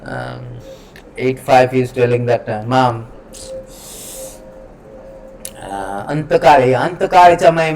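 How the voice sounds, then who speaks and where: A man's voice: a little high, moderate pace, a little mellow, slight background noise, poor audio. A man giving a scripture lecture, emphatic and repetitive, chanting Sanskrit verses in between. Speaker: preacher.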